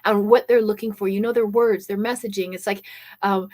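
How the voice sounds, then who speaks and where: A woman's voice: medium pitch, fairly quick. A woman hosting a live online business workshop as a coach. She talks with lots of energy, fills her speech with "um," and keeps checking in with "okay?". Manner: energetic, many fillers and "okay?" check-ins; reads and answers live chat comments.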